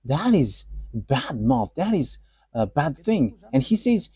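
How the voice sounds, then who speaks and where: A man preaching a live sermon, halting, with many fillers and restarts and frequent chuckles. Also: mid-range voice, big pitch swings, dark tone, husky.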